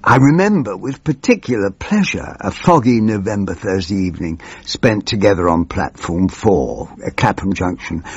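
A man playing a rambling, pompous, forgetful older member of parliament in a comic monologue, with a creaky, husky, plummy voice. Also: low-pitched, lo-fi sound, full character voice. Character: doddering old male MP, pompous, rambling.

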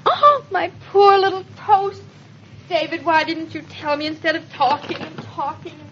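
A lively young wife from a vintage radio comedy, her voice high and bright as she chatters and teases. She rattles off her lines with girlish banter. The recording is muffled and lo-fi, like an old broadcast disc. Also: moderate pace, slight background noise. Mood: suspicious. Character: lively, suspicious young wife, quick-witted. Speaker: radio drama actress. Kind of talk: 1940s radio acting. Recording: dull lo-fi vintage radio transcription.

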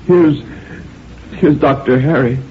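A man's voice: mid-range voice, slow, slight background noise, pitched above the performer's own voice, close to an everyday voice. A man voicing a worried grown daughter at her mother's deathbed, pleading and soothing. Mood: coaxing. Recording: tinny old radio recording.

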